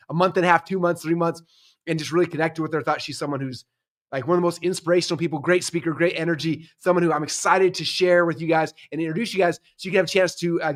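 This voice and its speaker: A man's voice: sits high, fairly bright tone. A man in his forties hosting and promoting an event in upbeat, casual chat full of fillers. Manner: upbeat, fast, filler-heavy casual talk. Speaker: host.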